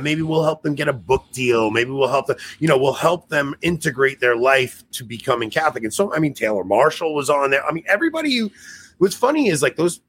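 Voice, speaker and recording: A man's voice: mid-range voice, fairly bright tone, slight background noise. A man hosting a podcast in casual chat, rambling and laughing at himself. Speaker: podcast host.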